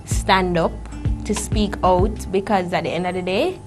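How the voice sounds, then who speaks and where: A woman's voice: fairly low pitch, fairly even intonation, unhurried. A young Jamaican woman in her twenties, a guest on a talk show, speaking earnestly and laughing lightly. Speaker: guest, law graduate. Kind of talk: casual chat. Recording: music playing behind the voice.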